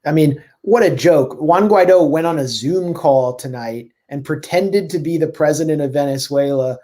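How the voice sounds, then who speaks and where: A man, a journalist guest, talking fast and sardonically in casual political chat, with many "like"s and "I mean"s. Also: on the high side, warm tone.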